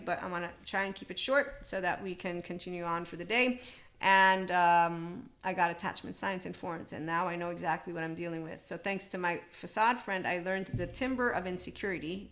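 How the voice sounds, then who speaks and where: A woman's voice: fairly low pitch, a bit bright. A woman hosting her own podcast, talking in a rambling, candid way, laughing often and swearing freely. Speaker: podcast host. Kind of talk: casual spoken monologue.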